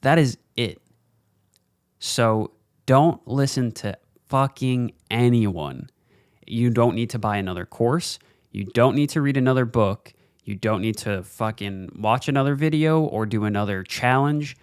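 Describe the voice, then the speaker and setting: Blunt, swearing man with a smooth voice. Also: medium pitch, no echo, clean studio sound. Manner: casual, blunt, swears freely; slows down for emphasis. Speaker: podcast host. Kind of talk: motivational monologue. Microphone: studio mic, facing camera.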